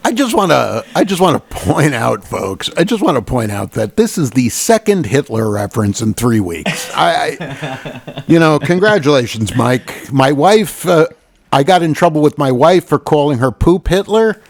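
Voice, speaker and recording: A man's voice: on the high side, sing-song, moderate pace, vocal fry. Jokey man hosting comedy news. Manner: jokey, reads headlines with goofy put-on voices. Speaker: comedy news show host.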